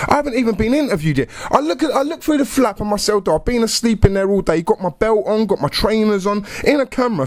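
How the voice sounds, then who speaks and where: Agitated London man, high and lively. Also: no room sound. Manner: agitated, insistent, repeats himself with tag questions. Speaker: caller. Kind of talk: heated phone complaint.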